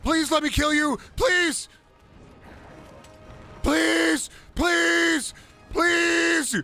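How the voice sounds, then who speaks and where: A man voicing a pathetic, desperate adult man who whines and pleads in a shrill, wailing voice. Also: steady tone, very slow, creaky, pushed and bright, soft background music, exaggerated voice.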